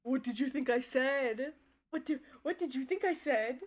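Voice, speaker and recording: A woman's voice: high-pitched, normal speed. A woman streaming a game live, chatting casually with her chat and giggling often. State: voice tiring. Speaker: VTuber streamer.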